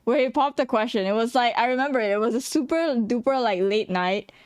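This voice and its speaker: A young adult woman casually telling a story about her school days, animated, laughing often and swearing freely. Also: a little high, brisk, clear, resonant tone, dry recording.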